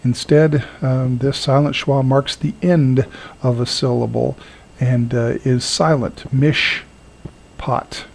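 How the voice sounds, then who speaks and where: Male instructor, gravelly low-mid voice, hesitant lecturing with lots of fillers, repeats words to show pronunciation. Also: little pitch movement, darkish tone. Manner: halting, many fillers, repeats words slowly to model sounds. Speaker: teacher. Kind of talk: recorded lecture.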